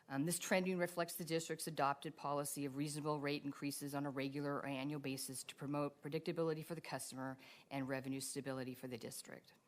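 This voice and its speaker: A woman presenting a formal staff report at a public board meeting, in a measured way. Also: sits low.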